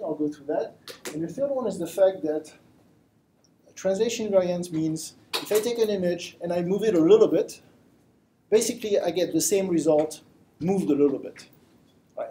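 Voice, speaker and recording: A man's voice: on the high side, dark tone, a little hiss or hum, low-quality recording. A man with a French accent giving a live lecture to a study group, self-deprecating and explaining with simple examples. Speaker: guest lecturer. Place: room with a live audience.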